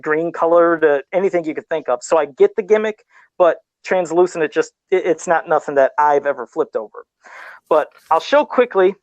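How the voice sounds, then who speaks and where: A man's voice: on the high side, dry recording. A man guest on a casual podcast, a custom figure sculptor who tells stories in a rambling, self-deprecating way and chuckles often.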